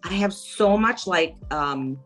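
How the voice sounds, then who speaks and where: A middle-aged woman talking as an interview guest, chatty and animated, packing her stories with "like". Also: on the low side, slow pace, soft background music, rough recording. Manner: chatty, animated storytelling, lots of "like". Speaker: interview guest, former reality show contestant. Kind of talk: casual interview chat.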